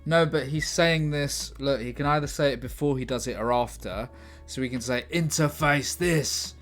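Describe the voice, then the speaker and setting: A man's voice: mid-range voice, steady tone, normal speed, faint music behind. A man casually brainstorming aloud on a livestream, thinking through options, trying out lines and answering his chat. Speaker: livestream writer.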